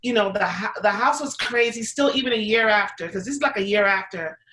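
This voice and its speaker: Bright-voiced chatty woman telling her story. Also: medium pitch, a little fast, a little hiss or hum, poor audio. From United States. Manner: chatty, many fillers and restarts, acts out quotes. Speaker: interview guest, pizza business owner. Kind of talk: casual interview storytelling.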